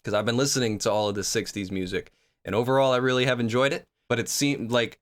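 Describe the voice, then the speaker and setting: A man with a smooth, clear, mid-pitched voice reacts to songs in loose, eager chatter. He circles back and restarts his sentences as he works out what he thinks. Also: fairly even intonation, fast talker. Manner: enthusiastic, thinks aloud with many restarts. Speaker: music reaction host. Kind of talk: casual rambling reaction talk.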